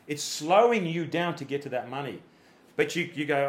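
A fairly high, bright male voice, expressive and a little fast, belongs to a fitness coach talking on a podcast. He explains through everyday analogies and acted-out quotes, frequently repeating words as he thinks, and the room sounds roomy and echoey.

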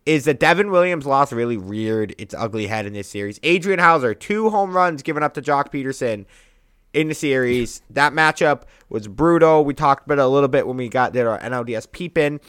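A young man co-hosting a podcast, talking baseball in a casual, animated way, with big jumps in pitch and loudness for emphasis. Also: moderate pace, clear, resonant tone, no echo. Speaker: podcast co-host. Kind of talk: casual sports chat.

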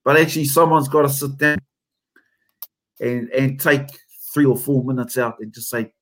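Man, New Zealand accent, haka teacher, emphatic storyteller, casual interview, mid-pitched voice. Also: fairly even intonation, normal speed, fairly bright tone. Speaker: haka teacher and company founder.

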